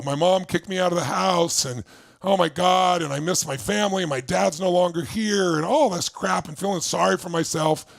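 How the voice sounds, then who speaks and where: A man's voice: on the high side, vocal fry, no echo. A man from Southern California giving an intense motivational talk, telling his own story to a live crowd. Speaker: motivational speaker.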